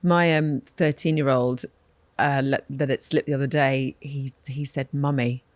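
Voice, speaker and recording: A woman's voice: a bass voice, steady tone, normal speed, dry recording. A woman co-hosting a podcast, chatting casually and laughing often. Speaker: podcast co-host. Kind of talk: casual chat.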